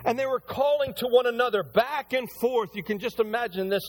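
Man, high voice, pastor's sermon, animated and emphatic, slows for scripture. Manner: animated preaching, rising loud on emphasis, slows when reading scripture.

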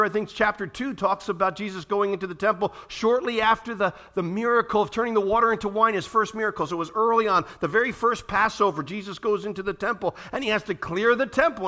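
A man delivers a sermon in a church room, speaking in a high voice with a bright, forceful ring. He keeps his delivery animated and keeps turning questions back to the congregation. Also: fast talker, hardly any pauses. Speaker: pastor.

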